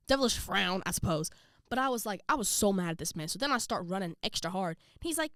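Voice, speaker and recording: A young woman telling a personal story to camera in a casual vlog, full of slang, quick asides and quoted voices. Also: mid-range voice, animated, a bit bright, dry recording, studio quality. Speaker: vlogger.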